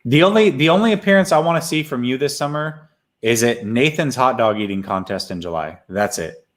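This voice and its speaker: A man's voice: mid-range voice, animated, a little fast. A man co-hosting a casual sports talk show, giving blunt, emphatic opinions.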